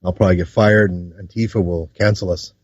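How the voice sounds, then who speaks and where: A man co-hosting a podcast in casual chat, rambling with many restarts and laughs, high. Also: fairly even intonation, fairly quick, a little mellow, no room sound, lo-fi sound. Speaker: podcast co-host.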